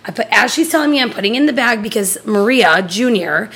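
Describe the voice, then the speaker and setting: A woman's voice: fairly high pitch, a little fast, husky. A woman in her thirties, a podcast co-host telling a casual story, acting out the dialogue with casual swearing. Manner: animated, acts out quoted dialogue.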